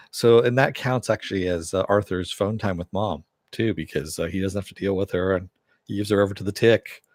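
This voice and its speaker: A man recapping a TV episode in a relaxed way, chuckling often and using many fillers. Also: on the low side, dry recording, clean studio sound. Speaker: TV episode reviewer.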